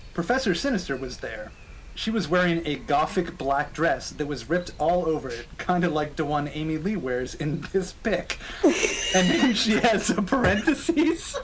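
A podcast co-host gives a comic dramatic reading of a story, frequently pausing for laughing asides. The voice is medium-pitched, and there is background noise.

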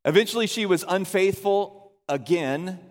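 A man's voice: high voice, normal speed, long reverb tail. A man preaching a sermon, telling a story and acting out the people in it in quoted voices. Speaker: pastor.

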